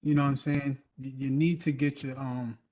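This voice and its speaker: A man's voice: mid-range voice, moderate pace. A man hosting an open mic over a video call, joking and telling stories in casual chat. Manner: joking, animated storyteller.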